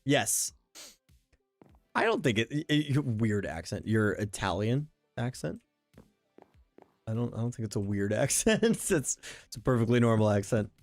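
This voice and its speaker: A man's voice: fairly low pitch, very animated, a little slow, pauses often, no echo. A man streaming a survival game, talking casually and thinking aloud as he plays, often restarting his sentences. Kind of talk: casual gameplay commentary. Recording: faint background game music.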